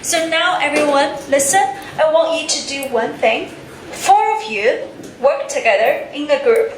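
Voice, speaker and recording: High-voiced teacher, drilling slowly. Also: female voice, expressive. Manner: slow, clearly enunciated prompting, drilling words for a class to repeat. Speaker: English teacher. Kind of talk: classroom teaching with repeat-after-me drills. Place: school classroom. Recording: echoey classroom from a distance, background noise.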